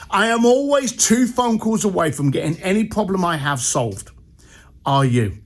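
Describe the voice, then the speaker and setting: A man delivers a motivational story with blunt, punchy directness, acting out bits of dialogue as he goes. His voice sits high and swings widely in pitch. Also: very animated, normal speed. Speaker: entrepreneur coach.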